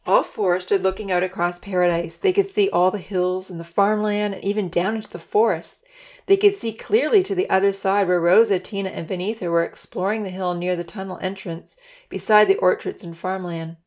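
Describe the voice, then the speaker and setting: A woman narrating a children's story in a gentle, even storytelling manner. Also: medium pitch, fairly quick.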